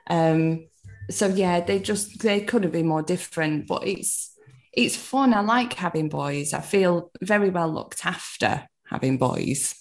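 A woman's voice: lowish voice, measured pace. A British woman in her thirties chatting casually as a podcast guest, laughing often and swearing lightly. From United Kingdom. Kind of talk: casual chat.

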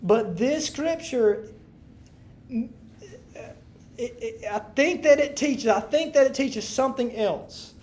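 A woman's voice: a little high, lively intonation, slow, pauses often, a little mellow. A woman leading a Bible study, reading scripture aloud with emphasis and then explaining it in loose, casual talk to a room of listeners.

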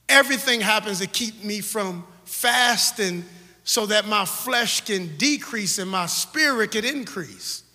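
A man in his forties preaching in a church, with an extremely high voice that cuts sharply through the room. He exhorts the congregation, calling for responses and hammering phrases again and again in rhythm. His words ring out with a long hall reverb behind them. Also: lively intonation, takes it slowly, bright, forceful tone. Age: 40s. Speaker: pastor. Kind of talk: sermon. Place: church sanctuary.

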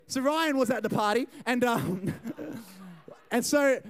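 Young male youth pastor, high and smooth voice, lively storytelling sermon. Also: measured pace. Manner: animated, chatty, addresses the crowd.

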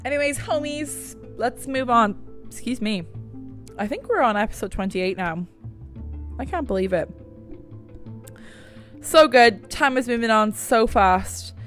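A woman's voice: fairly high pitch, expressive, unhurried, pauses often, soft background music. A young woman, hosting a podcast in a rambling, chatty way, swearing casually as she talks from home. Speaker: podcast host. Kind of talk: casual chat.

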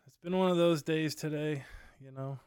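A man hosts his own podcast from home at night, rambling casually through stories and filling his talk with fillers. His fairly high, slightly mellow voice holds a steady tone at a normal speed, captured in clean studio quality with no room sound.

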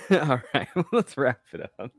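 Male podcast host, playful teaser, swooping lively delivery, dry sound. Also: mid-range voice, unhurried, dry recording. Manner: playful, teasing. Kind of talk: casual chat.

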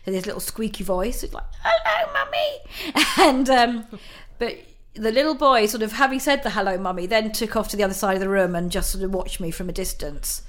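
A woman's voice: mid-range voice, quick pace, few pauses. Chatty middle-aged woman telling her story. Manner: chatty, laughs often between phrases, many fillers. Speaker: interview guest. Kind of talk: personal storytelling in conversation.

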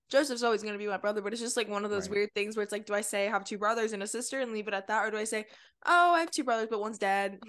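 A young woman speaks at a middle pitch in a casual podcast chat. She talks candidly and at length, drops plenty of "like"s, and leans on dark humor. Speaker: podcast co-host.

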